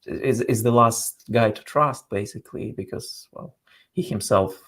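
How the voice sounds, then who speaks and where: A man speaking as a guest in a scholarly interview, explaining in a halting way as he searches for words. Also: medium pitch, fairly bright tone.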